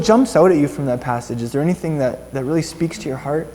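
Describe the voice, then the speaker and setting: A man's voice: on the high side, fast, few pauses, mellow, long reverb tail. A young Canadian man giving informal Bible teaching to a small group, chatty and rambling, with many restarts.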